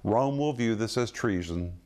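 A man's voice: on the low side, animated, measured pace, a little mellow. A man teaching the Bible on television, with an emphatic, dramatic delivery that rises and drops sharply as he explains word meanings step by step.

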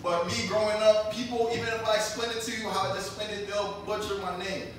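A man's voice: high voice, steady tone, quick pace, a bit bright, heavy reverb, distant mic, slight background noise, rough recording. A man in his twenties from Jamaica doing a stand-up comedy set, telling stories in a loose, chatty way with lots of fillers. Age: 20s. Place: comedy club stage.

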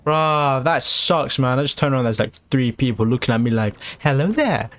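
A young man, excitedly commentating his own gameplay and trash-talking opponents. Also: mid-range voice, a little fast. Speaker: gamer. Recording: game music in background.

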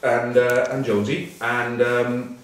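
With a mid-range voice that barely moves in pitch, this Englishman in his forties speaks slowly. A former rugby captain presenting a web news piece, he tells rambling anecdotes full of ums and uhs and dry, self-mocking humour. It's recorded in a very echoey room with a distant mic and faint background noise.

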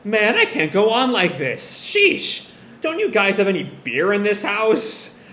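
A man's voice: sits high, very animated, unhurried, sharp tone, voice pushed up, exaggerated voice. A man voicing a brash, teasing mother who cackles and jokes, reading a manga aloud. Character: brash laughing mother, a TV producer. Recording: echoey room, faint hiss.

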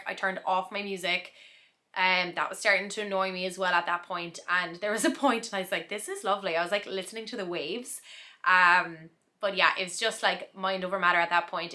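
Bright-voiced chatty young woman vlogger. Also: lowish voice. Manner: chatty, reflective, laughs often. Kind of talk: casual vlog recap.

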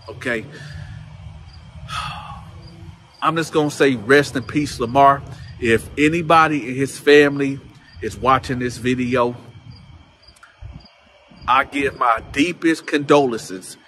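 A man telling a story casually to camera, lively and acting out other people's voices. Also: mid-range voice, a little hiss or hum. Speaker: channel host telling prison stories.

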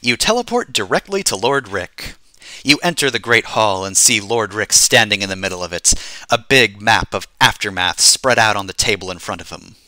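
A man streaming himself reading a text adventure game aloud, in an animated way and chuckling at the story. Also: on the low side, normal speed, no room sound.

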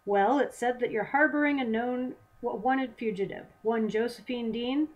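A woman's voice: fairly high pitch, moderate pace, voice pushed up, close to an everyday voice, rough recording. A woman reading a smug, sly male corporal. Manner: mocking, sly bargaining.

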